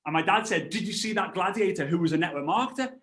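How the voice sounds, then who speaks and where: A man in his thirties giving an animated network marketing training talk. He tells stories, acts out other voices, and breaks into laughs and shouts. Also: sits high, fast, echoey room. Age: 30s.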